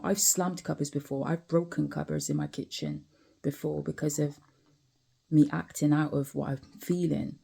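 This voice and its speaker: A woman's voice: low-pitched, gravelly, warm tone. A tired woman, talking candidly in a personal vlog while sitting outside, often repeating herself and asking the listener if they follow. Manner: candid, conversational, repeats phrases, frequent asides to the listener. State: tired, yawning. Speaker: vlogger.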